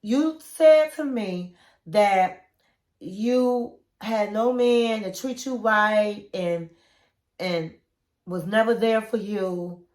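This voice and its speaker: Woman playing a soft-spoken young guy laying out his grievances, measured and a little hesitant. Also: mid-range voice, roomy sound. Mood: earnest. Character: calm young man explaining himself to his girlfriend.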